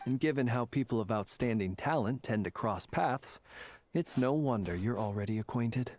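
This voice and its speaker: A man playing a formal, courtly gentleman. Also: medium pitch, moderate pace, lightly acted. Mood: courteous. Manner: formal, elaborate phrasing. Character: formal, courteous male gentleman, measured and observant. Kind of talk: game voice acting.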